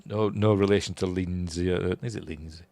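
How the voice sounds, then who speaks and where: Yorkshire-accented male film reviewer, chatty rambler, slightly low voice, dry mic. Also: steady tone, fairly quick, vocal fry, darkish tone, no echo. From Yorkshire, England. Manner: rambling, chuckling, quotes characters in a raised voice. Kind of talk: casual film recap.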